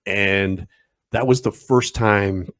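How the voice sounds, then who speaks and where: A middle-aged man, co-hosting a podcast and telling stories in a reflective, halting way. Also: lowish voice, steady tone, fairly bright tone, no room sound. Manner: reflective, halting storyteller with restarts. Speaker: podcast co-host. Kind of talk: casual chat.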